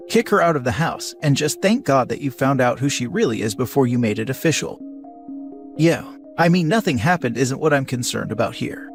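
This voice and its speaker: A man narrates a written post aloud in a steady, even storytelling voice. His pitch sits in the middle of the range. Soft music plays faintly underneath. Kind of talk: reading an online post aloud.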